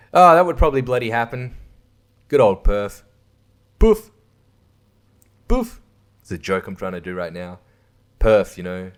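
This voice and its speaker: A man's voice: mid-range voice, a bit bright. Crude, laughing man. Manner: crude, irreverent, laughs at his own jokes. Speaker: podcast host. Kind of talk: casual comedic monologue.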